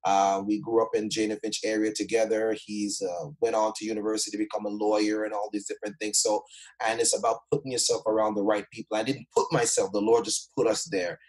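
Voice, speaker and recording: A man's voice: lowish voice, rough recording. A man from Jamaica, a guest speaker, tells his life story in a conversation with energy and emphasis, often checking in with the listener.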